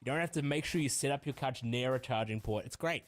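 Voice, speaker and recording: A man reads a sponsor spot on a podcast with casual enthusiasm, swearing now and then. His voice sits at a normal pitch. The sound is dry and close to the mic. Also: fast talker, dry recording. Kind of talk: casual ad read in chat.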